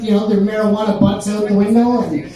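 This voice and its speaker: Older man, stand-up comic, rambling deadpan, high voice, dark tone. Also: brisk, heavy reverb, distant mic, low-quality recording. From Canada. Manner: rambling deadpan delivery with many fillers. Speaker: stand-up comedian. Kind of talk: stand-up set. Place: pub stage.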